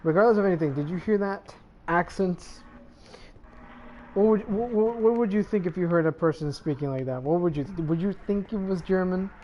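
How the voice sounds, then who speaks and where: A man's voice: high-pitched, a little fast, a little mellow, highs cut off, a little hiss or hum. A man hosting a casual gaming chat, rambling and sliding into Spanish and Portuguese phrases. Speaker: channel host.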